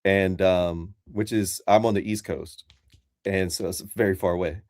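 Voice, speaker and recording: Calling in as a Christian to a casual debate chat, a man speaks at a moderate pace in a deep, darkish voice with fairly even intonation. His talk rambles, full of fillers, captured in a dry, clean studio recording.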